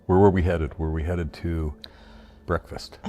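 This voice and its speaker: A man in a documentary interview, recalling events quietly. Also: low voice, fairly even intonation, unhurried, slight background noise.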